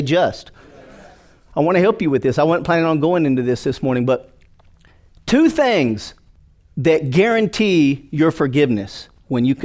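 A man preaches to his congregation in a lively, conversational way, teasing listeners and calling for responses. His voice sits a little high for a man and leaps up and down with great energy. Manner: animated, joking, call-and-response with congregation. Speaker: pastor. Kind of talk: sermon.

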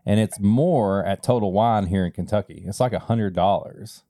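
A man's voice: fairly low pitch, dark tone, no echo, clean studio sound. A man co-hosting a whiskey tasting show, chatting in a playful, teasing way. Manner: playful, teasing, throws out quick questions. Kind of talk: casual chat.

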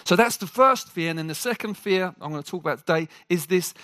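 A man preaching a sermon to a congregation. He jokes with the room and talks in an animated way. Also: high-pitched, fast talker, hardly any pauses, no room sound, studio quality.

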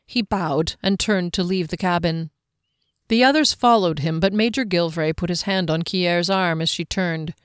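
A narrator reading fantasy fiction in a measured, even way, close to the mic. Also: medium pitch, clear, resonant tone, dry recording. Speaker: audiobook narrator.

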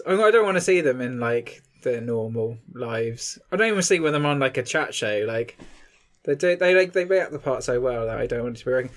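A woman's voice: a bass voice, animated, fairly quick. A young woman co-hosting a casual podcast, wry, with frequent laughs and short reactions. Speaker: podcast co-host. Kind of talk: casual chat.

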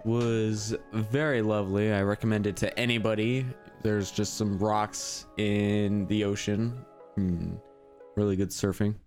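A laid-back young man chatting on a podcast, joking easily and dropping slang. His voice sits a little low. Faint music plays in the background. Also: flat delivery, unhurried, a little mellow. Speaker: podcast co-host. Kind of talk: casual chat.

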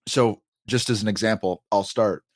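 Podcast host, man, lowish voice, dry booth sound, talkative and explanatory. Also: fairly even intonation, normal speed, a little mellow, dry recording. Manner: chatty, explains at length with small laughs. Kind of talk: casual podcast chat.

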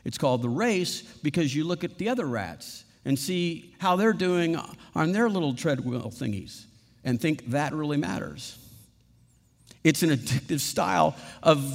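A man preaching a sermon, animated, acting out little quoted voices and laughing at his own examples. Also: on the high side, normal speed, creaky, big-room sound. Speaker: pastor.

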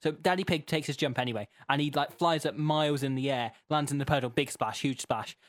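A man's voice: a little high, brisk, dry recording, studio quality. A man, co-hosting a comedic chat, recapping with sarcasm and frequent laughter. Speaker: podcast co-host.

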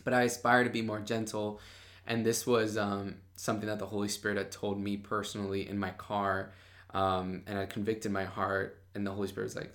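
A man's voice: fairly low pitch, completely flat delivery, a little fast, a bit bright. A young man, a Bible study podcaster, talking about faith in a casual, passionate and bold way, full of "like" fillers. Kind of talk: casual devotional podcast talk.

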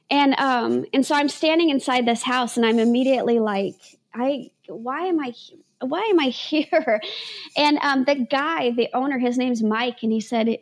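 A woman's voice: fairly high pitch, gravelly. A woman guest on a podcast, earnestly telling a personal story in a rambling way, restarting her sentences and laughing at herself.

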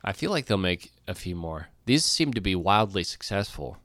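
A man's voice: sits low, very animated, moderate pace, fairly bright tone. A man co-hosting a film podcast, talking in a dry, joking way and laughing easily. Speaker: podcast co-host. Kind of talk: casual movie chat.

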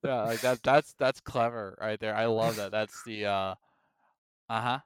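A man co-hosting a gaming podcast in casual chat, excitable and animated, often acting out his own reactions. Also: fairly low pitch, a little slow, smooth, dry recording. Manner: excitable, acts out reactions in quoted voices. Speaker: podcast co-host.

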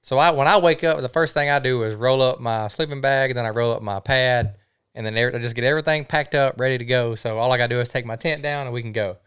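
A man's voice: mid-range voice, fast, fairly bright tone, clean tone. A man telling a story about a camping trip in an easygoing, teasing way. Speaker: trip companion. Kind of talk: casual storytelling.

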